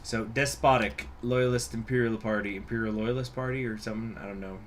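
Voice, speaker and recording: A man's voice: on the low side, fairly even intonation, brisk, a little hiss or hum. A man giving casual, rambling let's-play commentary, joking and swearing freely. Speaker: game streamer.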